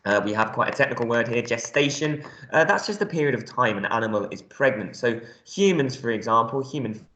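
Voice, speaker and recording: A man's voice: medium pitch, expressive, a little fast, pushed and bright. Man teaching a primary reading lesson, echoey room. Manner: friendly, explains words step by step with many ums. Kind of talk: recorded remote reading lesson.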